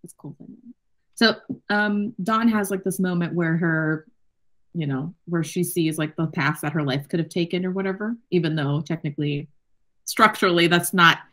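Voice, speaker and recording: A woman co-hosting a book club podcast in casual chat, animated and profane, acting out quotes and laughing often. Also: fairly low pitch, normal speed. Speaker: podcast co-host.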